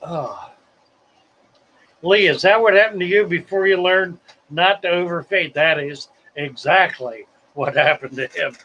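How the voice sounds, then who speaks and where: A man hosting a casual livestream, talking slowly with wry, sarcastic asides. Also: a little high, bright, forceful tone, dull audio. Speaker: livestream host.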